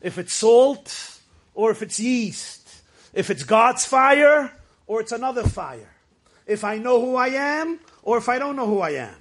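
Brief: high-pitched male Torah teacher, emphatic, storytelling delivery with Yiddish and Hebrew phrases. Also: lively intonation, unhurried. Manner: emphatic, rises to shouts for stress. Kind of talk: Torah class lecture.

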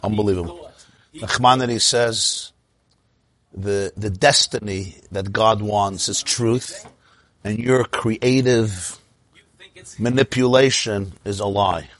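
A man's voice: lowish voice, slow pace, fairly bright tone. A man talking reflectively in conversation, teaching and explaining terms as he goes.

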